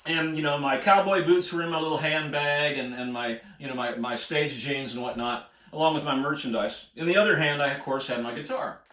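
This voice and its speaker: A man's voice: a little high, brisk, few pauses, fairly bright tone. An American man, a singer-songwriter, telling a rambling road story in a folksy way, chuckling often. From United States. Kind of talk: casual spoken storytelling. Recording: echoey room.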